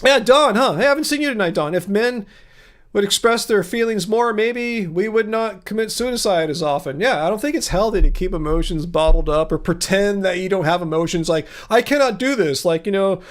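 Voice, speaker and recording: A man with a high voice hosts a casual livestream, speaking fairly quickly as he answers viewer comments. He's chatty and earnest, thinking aloud and restarting often.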